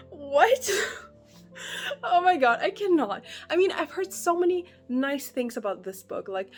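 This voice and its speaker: A woman giving her reactions in a casual book vlog, animated and exasperated, laughing often and swearing, recorded on a phone held at arm's length. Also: fairly high pitch. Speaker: book vlogger.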